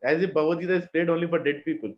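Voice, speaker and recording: Indian male teacher, slightly high voice, lecture style with chanted verses and questions, muffled recording. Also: steady tone, racing. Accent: Indian English. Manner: chants Sanskrit verses, asks the class questions. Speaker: spiritual teacher. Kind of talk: scripture class lecture.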